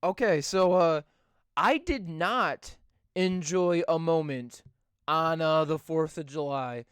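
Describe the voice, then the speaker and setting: A man's voice: on the high side, takes it slowly, smooth, dry recording, studio quality. A young man co-hosting a casual podcast, rambling and swearing constantly as he rants. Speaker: podcast co-host. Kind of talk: casual profane chat.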